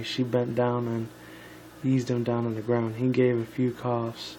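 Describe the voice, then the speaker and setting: A man's voice: medium pitch, completely flat delivery, measured pace, mellow, slight background noise, rough recording. A tired young man reading a fan story aloud, stumbling over words and correcting himself with casual asides. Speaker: fan fiction reader.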